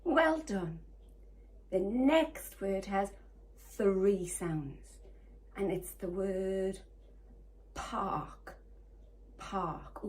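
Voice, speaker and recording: A woman primary school teacher giving a phonics lesson to young children, encouraging and sounding out letters one by one. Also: medium pitch. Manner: slow, sing-song, encouraging, sounding out letters. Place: home or classroom, recorded for home learning.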